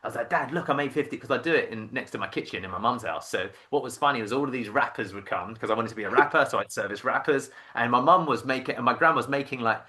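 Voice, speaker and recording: A man in his thirties, a podcast guest telling his career story in a casual, animated way, acting out voices and often restarting sentences. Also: medium pitch, fast talker, hardly any pauses. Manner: animated storyteller who acts out quoted voices, many restarts.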